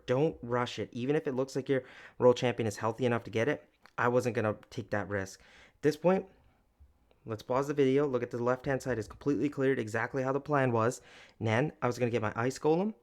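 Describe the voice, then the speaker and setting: A man giving gameplay commentary, explaining each move step by step and talking directly to his viewers in an upbeat, enthusiastic way. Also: mid-range voice. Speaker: gaming video creator.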